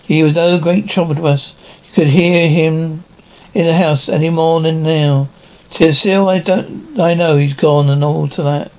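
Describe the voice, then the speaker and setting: Brief: a quiet, rambling old mourner with a gravelly tone, read by a man; dull, slightly noisy recording. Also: fairly high pitch, fairly even intonation, measured pace. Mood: mournful. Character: elderly grieving woman, a priest's sister.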